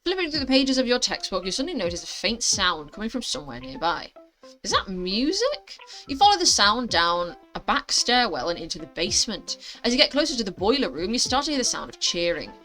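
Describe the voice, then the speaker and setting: A woman's voice: medium pitch, sing-song, quick pace, hardly any pauses, sharp tone, faint music behind. A woman playing through a mobile story game, reading it aloud with chatty asides. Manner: chatty, self-aware asides. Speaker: gaming youtuber.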